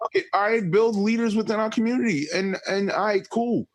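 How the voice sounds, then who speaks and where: A man's voice: high-pitched, fairly quick. A man in his thirties hosting a podcast, talking emphatically and swearing freely in casual conversation. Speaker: podcast host.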